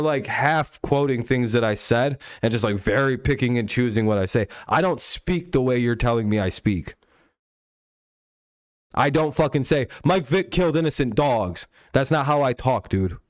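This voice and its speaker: A man's voice: medium pitch, no room sound. Profane, argumentative young man in a dry room. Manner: argumentative, profane, repeats himself. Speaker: host. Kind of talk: heated casual argument.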